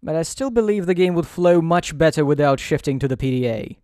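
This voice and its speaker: A man's voice: on the high side, expressive, a little fast, warm tone, soft background music. A man giving dry, sarcastic gameplay commentary as host of a let's play.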